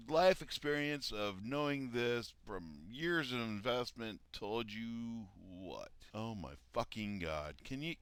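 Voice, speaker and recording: A man's voice: mid-range voice, lively intonation, slow, few pauses, fairly bright tone, clean tone, no echo. A man giving angry, mocking reaction commentary, exasperated and swearing as he rebuts a video.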